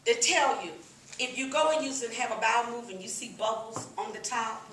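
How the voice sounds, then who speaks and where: A middle-aged woman giving a lively, laughing, folksy testimonial to a live audience at a business meeting. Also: on the high side, fairly quick, a little hiss or hum. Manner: lively, laughing, folksy, addresses crowd as "y'all". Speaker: sales presenter at a business meeting. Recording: echoey room, recorded from a distance.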